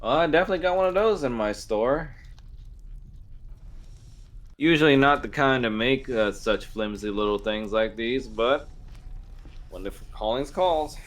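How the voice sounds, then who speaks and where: A man voicing a gruff, blunt woman blacksmith who teases customers and calls them darling. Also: mid-range voice, normal speed, pauses often, voice pushed up, close to an everyday voice. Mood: teasing.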